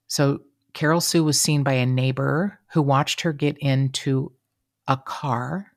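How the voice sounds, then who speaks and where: With a bass voice and an unhurried delivery, a woman co-hosts a casual true-crime podcast, talking emotionally and chattily and quoting people in lively voices. The podcast room recording has no echo and studio quality.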